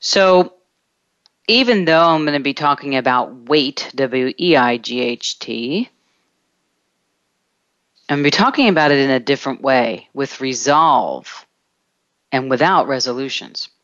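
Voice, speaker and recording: A self-help podcast host giving a reflective coaching monologue, speaking slowly and deliberately and drawing out words in long lists. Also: medium pitch, expressive, fairly bright tone, no echo, lo-fi sound.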